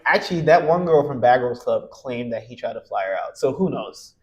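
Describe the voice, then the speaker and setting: A man's voice: mid-range voice, lively intonation, a little fast. A man co-hosting a podcast in casual chat. He teases, asks pointed questions and laughs often. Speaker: podcast co-host.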